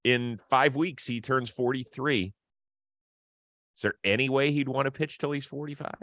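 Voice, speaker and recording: A man's voice: mid-range voice, normal speed, a bit bright, dry recording. A man hosting a sports podcast, talking casually and upbeat, often laughing as he chats. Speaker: podcast host.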